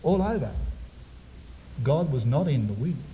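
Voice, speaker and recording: A man preaching a sermon to his congregation, with dramatic, swelling emphasis and slow, drawn-out phrases. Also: medium pitch, very animated, slight background noise. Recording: dull echoey hall recording.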